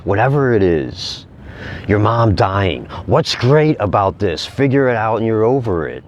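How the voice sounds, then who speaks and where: A man reading inspirational quotes aloud and commenting on them casually, repeating key phrases slowly for emphasis. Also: fairly low pitch, very animated, a little mellow, slight background noise. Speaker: vlogger.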